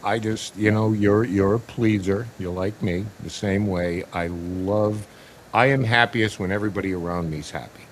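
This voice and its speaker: A man hosting a podcast, chatting casually and telling stories with a teasing, animated manner. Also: on the low side, moderate pace, a little hiss or hum. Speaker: podcast host. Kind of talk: casual chat.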